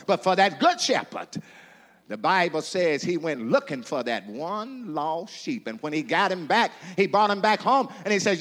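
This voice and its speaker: A male preacher with a higher-pitched voice, swooping up and down as he calls out to his congregation and repeats phrases in a rolling, rhythmic delivery. His words hang in the long echo of a hall. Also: big pitch swings, moderate pace, sharp tone. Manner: call-and-response preaching with rhythmic repetition. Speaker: pastor. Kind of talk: sermon.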